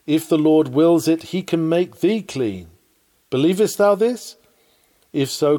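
A man reading an old-fashioned sermon aloud, fervent and pleading, rising and falling sharply in pitch and volume and slowing down on key phrases. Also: darkish tone.

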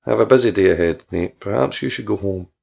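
A young farm woman stays cool and teasing, her lines soft and unbothered, read by a man. The voice carries a gravelly edge. The recording sounds dull and lo-fi. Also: fairly low pitch, fast talker, pitched below the performer's own voice, heavily acted. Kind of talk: audiobook character reading.

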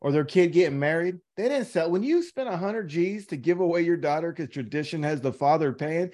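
A man's voice: a little high, expressive, fairly quick, a little mellow. Crude, joking podcast co-host, man. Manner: crude jokes, wry riffing. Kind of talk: casual podcast banter.

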